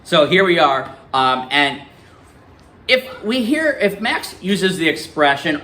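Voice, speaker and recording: Lively man teaching a class. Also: a little high, takes it slowly, a little hiss or hum. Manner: lively, questioning students. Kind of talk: reading a novel aloud to a class.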